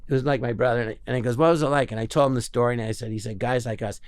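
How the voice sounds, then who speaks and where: A man's voice: medium pitch, racing. A man, a guest comedian telling anecdotes in casual chat and acting out the voices of the people in his stories. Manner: animated storyteller acting out quoted voices.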